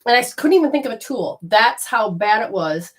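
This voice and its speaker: A woman telling a personal story in a casual, animated way, swearing freely and acting out her own panic. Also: on the high side, brisk, husky.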